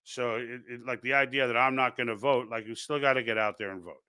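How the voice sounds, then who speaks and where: A man with a New York accent hosts a casual political livestream and reads viewer comments aloud. His voice is bright and crisp. He rambles and restarts his sentences, and the recording is close and dry. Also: mid-range voice, fairly even intonation, fast, no echo. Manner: rambling, many restarts and repeated words. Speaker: livestream host reading chat comments.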